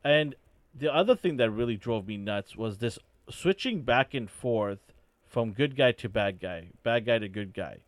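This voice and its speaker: A man's voice: mid-range voice, unhurried, dry recording. Opinionated man, dry close sound. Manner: opinionated, rambling, animated. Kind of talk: casual fan discussion.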